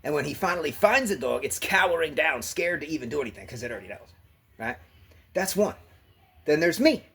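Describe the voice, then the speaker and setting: A man's voice: on the high side, big pitch swings, a little fast, gravelly, a bit bright, husky. A man talking casually to the camera in a blunt, profane rant, laughing now and then. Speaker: vlogger. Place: gym locker room.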